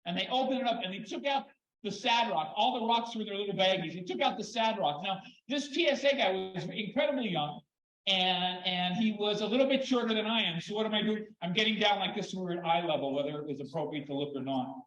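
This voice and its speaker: Lively older man speaking in a hall. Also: high voice, fast. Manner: expressive, repeats words when excited. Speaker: conference speaker. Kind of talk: animated storytelling talk. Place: conference hall. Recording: echoey, dull hall recording.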